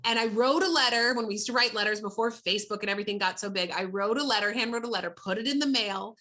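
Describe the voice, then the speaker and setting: Talking fast in a mid-range voice, this woman from the United States recounts her own story in an interview. She sounds bright, clear, animated, and heartfelt, frequently stopping and beginning her sentences again.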